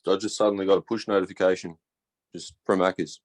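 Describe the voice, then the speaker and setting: Casting: man, very deep voice, easygoing storyteller in a casual chat. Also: level tone, quick pace. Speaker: meeting participant.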